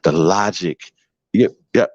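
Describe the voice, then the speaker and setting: Low-voiced man ranting casually, mocking tone. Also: takes it slowly, darkish tone, dry recording, dull audio. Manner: profane, mocking, laughs often. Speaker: host. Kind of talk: casual livestream rant.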